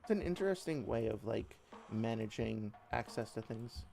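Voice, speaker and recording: A man's voice: fairly low pitch, animated, moderate pace, gravelly, dark tone. Chatty, swearing man over faint game music. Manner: chatty, rambling, swears freely. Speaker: game developer playing a game. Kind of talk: casual let's-play commentary.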